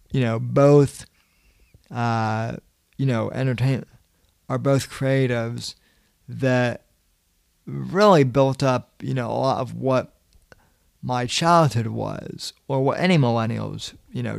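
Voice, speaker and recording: A man's voice: mid-range voice, gravelly, no echo. A young man hosting a podcast, rambling casually with many fillers and the odd swear. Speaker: podcast host.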